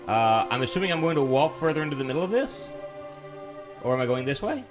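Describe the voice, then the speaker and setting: Chatty man with a lively voice. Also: mid-range voice, fast, over music. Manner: chatty, self-mocking, thinks aloud. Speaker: streamer. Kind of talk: casual let's-play commentary.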